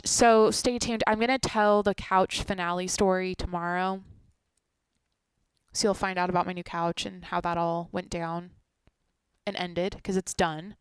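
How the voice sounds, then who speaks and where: A young woman hosting a solo daily podcast, tired and sleepy, rambling and swearing, jumping from loud outbursts to near-whispers. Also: on the low side, steady tone, unhurried, smooth, dry recording. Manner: rambling, profane, swings between loud bursts and near-whispers. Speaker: podcast host.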